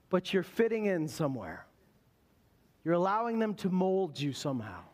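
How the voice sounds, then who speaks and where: Male pastor, high voice, conversational preaching that turns slow and deliberate on scripture. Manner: earnest preaching, slows down on scripture quotes, conversational asides. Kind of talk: sermon.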